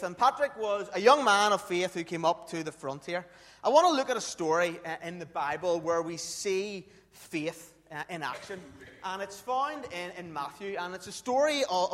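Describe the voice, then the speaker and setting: Male preacher, chatty, slightly high voice, big reverberant church hall. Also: a bit bright, slight background noise. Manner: chatty, checks in with "okay?" often. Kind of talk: sermon with a live demonstration.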